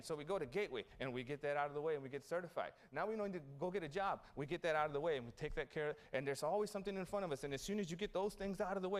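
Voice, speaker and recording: A man speaks to graduates at a city hall event, his voice sitting a little higher than most men's. He tells a story with animated energy and keeps asking the room questions. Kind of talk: motivational speech.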